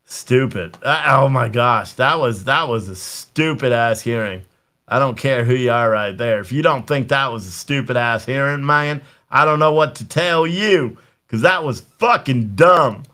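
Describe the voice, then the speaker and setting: Guy ranting on his livestream, swears a lot, bright forceful voice, chatty with the chat. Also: mid-range voice. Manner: profane, blunt, ranting; chatty, talks to viewers in the chat. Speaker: livestream political commentator. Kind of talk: casual ranting livestream commentary.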